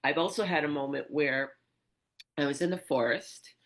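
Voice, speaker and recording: A woman podcast host telling a personal story in an interview, animated, with many restarts and acted-out moments. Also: low-pitched, moderate pace. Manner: animated storyteller, many restarts, acts out her own yelling.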